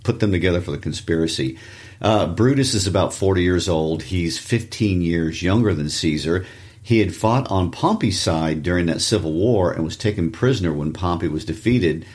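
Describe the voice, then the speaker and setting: A man co-hosting a casual literature lesson, giving quick background summaries with joking asides. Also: low-pitched, darkish tone.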